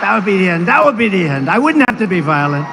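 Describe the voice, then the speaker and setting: An older man in his seventies speaks in a rather high register, wandering from story to story with casual asides and mocking impressions of others. His voice rings out into the long reverb of a large venue, with a faint wash of noise behind. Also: very animated, quick pace, creaky, bright, forceful tone. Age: 70s. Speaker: political speaker at a rally. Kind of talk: rambling rally speech.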